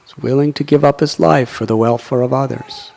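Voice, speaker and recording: A man, a monk teaching scripture, giving an earnest devotional sermon in a soft, fervent storytelling manner. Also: mid-range voice, fairly even intonation, brisk, gravelly. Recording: echoey hall.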